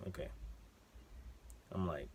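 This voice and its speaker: A man's voice: takes it slowly, background noise. A man vlogger telling a story casually at home, slangy and rambling, with many side digressions. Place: room at home with a TV on behind.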